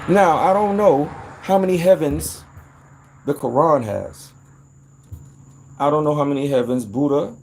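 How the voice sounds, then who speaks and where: A man in a casual, rambling monologue, animated and profane, jumping into sudden high outbursts. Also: a little slow, long pauses, slight background noise. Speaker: vlogger.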